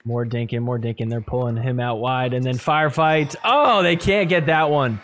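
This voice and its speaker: A man hosting a podcast, giving animated play-by-play commentary over match replays and laughing often. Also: medium pitch, normal speed. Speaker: podcast host. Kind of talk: excited sports recap commentary.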